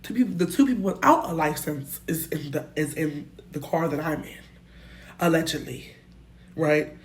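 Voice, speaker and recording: Animated, slangy young woman telling a story. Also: sits low, normal speed. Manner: animated, slangy, swears freely; jumps between loud bursts and muttered asides. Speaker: storytime vlogger. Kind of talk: casual storytelling.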